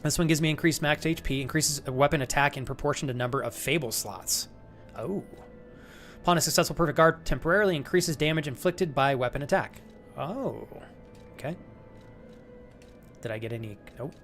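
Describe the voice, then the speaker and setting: A man's voice: fairly high pitch, fairly quick, fairly bright tone, faint music behind. Chatty joking male game streamer. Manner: chatty, joking, reads chat aloud. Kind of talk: live gameplay commentary.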